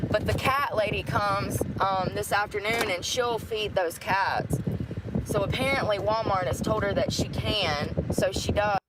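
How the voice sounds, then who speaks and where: A woman's voice: mid-range voice, a little slow. Rambling woman vlogging outdoors. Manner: rambling, gossipy, folksy. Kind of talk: casual chatty vlog. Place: outdoors by a store lot. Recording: outdoor traffic noise.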